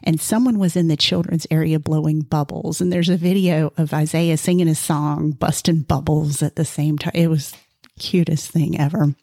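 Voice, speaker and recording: A woman with a low, husky voice talks as a podcast guest, eager and emotional. She restarts her sentences often as she tells stories, and the sound is dry and close. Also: fairly even intonation, moderate pace, mellow, dry recording. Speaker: volunteer organizer, guest. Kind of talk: casual interview storytelling.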